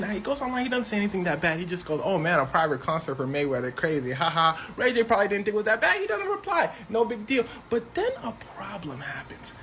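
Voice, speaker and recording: A man telling a comedic story fast, with slang and quick switches into voices for each person in it. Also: high voice, vocal fry, fairly bright tone, slight background noise.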